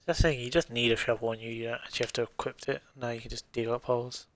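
A man's voice: mid-range voice, little pitch movement, very fast. A man casually commentating his own gameplay on a stream, thinking aloud and swearing freely. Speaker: game streamer.

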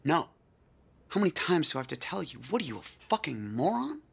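A man's voice: on the high side, brisk, vocal fry, husky, heavily acted. An actor playing a resentful man who refuses to forgive his best friend in a film comedy. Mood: scornful. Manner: flat, stubborn, cutting.

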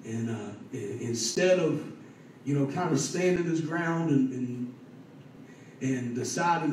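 A man preaching a sermon and telling a personal story, fervent and building to loud emphatic peaks. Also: mid-range voice, takes it slowly, a little hiss or hum. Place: church sanctuary. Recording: echoey church from a distance.

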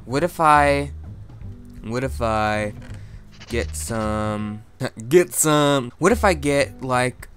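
A man talks through his game in a loose, rambling way, his ordinary mid-range voice jumping into high squeals whenever something startles him. Quiet music plays faintly behind his commentary. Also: extremely slow. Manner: chatty, excitable, squeals high when startled. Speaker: gaming video host. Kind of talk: casual gameplay commentary.

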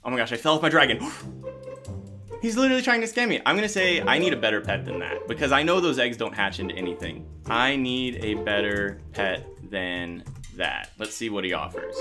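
A man giving excited, animated commentary while playing a video game, often exclaiming and reading chat aloud. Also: medium pitch. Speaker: gaming YouTuber. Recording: music playing under the voice.

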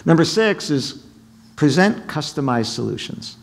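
A middle-aged man giving a sales seminar talk in a hotel conference room, animated and quizzing the audience. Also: fairly high pitch, moderate pace. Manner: animated, asks the audience questions, acts out quotes. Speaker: keynote speaker.

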